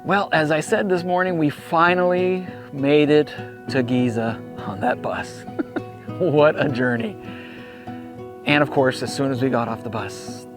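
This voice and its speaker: A young man telling a story to a youth camp audience, animated and dropping to hushed whispers for awe. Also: medium pitch. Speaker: youth speaker. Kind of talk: storytelling talk.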